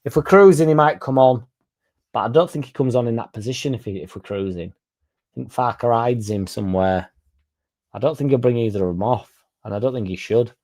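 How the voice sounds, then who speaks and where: Brisk and warm, a lowish male voice belongs to a young English fan channel host. He goes through the live chat, reading comments out and swearing as he talks casually.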